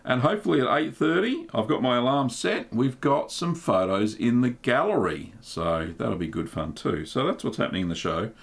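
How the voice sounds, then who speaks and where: A middle-aged man, hosting a casual livestream in a relaxed, chatty way, with plenty of ums and uhs. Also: medium pitch, moderate pace, vocal fry, few pauses. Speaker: livestream host.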